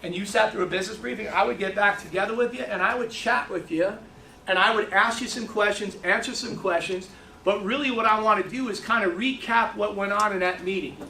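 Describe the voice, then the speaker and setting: A middle-aged man leads a sales training session and talks fast in stories, often restarting his sentences. His voice sits high and sounds bright and forceful. He is picked up from some distance in an echoey room. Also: creaky, slight background noise. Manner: fast storytelling with lots of restarts. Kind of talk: motivational training talk.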